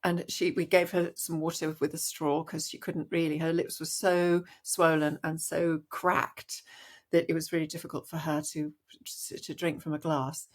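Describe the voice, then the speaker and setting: A woman's voice: deep voice, flat delivery, moderate pace. A middle-aged woman, a doctor, telling a personal story in an interview with earnest animation and frequent restarts. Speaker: doctor guest.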